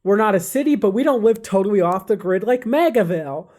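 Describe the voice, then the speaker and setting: A calm, kindly mayor , as the woman telling the story puts him on, gently urging everyone toward peace. The voice stays close to her own everyday speaking voice. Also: medium pitch, fast, lightly acted.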